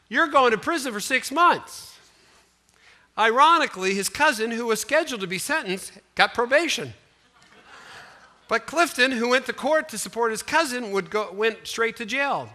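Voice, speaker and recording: A male pastor preaching a sermon in a fairly high voice with a bright, forceful edge. He tells his stories with lively swings in emphasis and drops in casual asides to the congregation. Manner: animated storytelling, voice rising and falling for emphasis.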